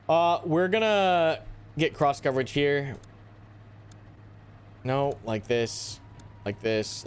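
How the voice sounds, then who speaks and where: A young man giving live commentary on a tactical shooter, animated and easily exasperated, groaning and swearing at setbacks. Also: medium pitch, slight background noise. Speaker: gaming YouTuber.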